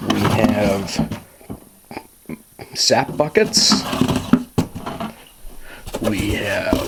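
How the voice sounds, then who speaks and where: A man narrating a casual vlog at his small off-grid cabin, talking slowly and plainly to himself with sighs and asides. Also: fairly low pitch, heavy background noise. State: out of breath. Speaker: cabin owner filming his visit.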